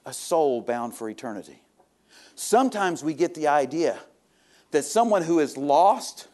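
Male pastor, sermon delivery, somewhat high voice, booming exhortation dropping to hushed confiding asides. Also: lively intonation, measured pace. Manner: swings between loud rising exhortation and quiet, low confiding talk; reads scripture aloud, then explains it plainly.

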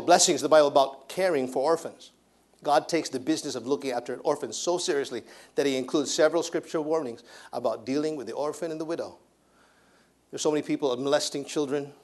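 A man's voice: fairly high pitch, darkish tone. A man preaching a sermon as a missionary pastor, with an emphatic delivery that repeats phrases.

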